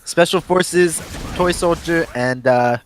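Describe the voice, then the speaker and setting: Male esports caster from Texas, relaxed and jokey, faint noise behind. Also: on the high side, slow. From Texas, Houston area. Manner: laid-back, joking, trailing off with uh and like. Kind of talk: live game commentary.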